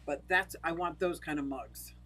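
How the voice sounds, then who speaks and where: A woman's voice: deep voice, normal speed, a bit bright, rough recording. An older woman hosting a livestream, chatting casually, laughing often and answering viewers by name. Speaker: livestream host. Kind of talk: casual livestream chat reading comments.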